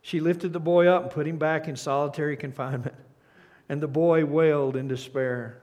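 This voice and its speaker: An older man preaching a sermon as pastor, earnest, often restarting and repeating words, dropping to a soft, hushed tone at key points. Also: on the high side, steady tone, normal speed, highs cut off. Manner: reads a story aloud and drops to a soft, hushed tone at key points.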